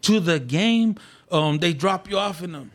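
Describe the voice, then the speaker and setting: A man from Arizona telling animated stories in casual podcast chat, laughing often and acting out the voices he quotes. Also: high voice, unhurried. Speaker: podcast guest.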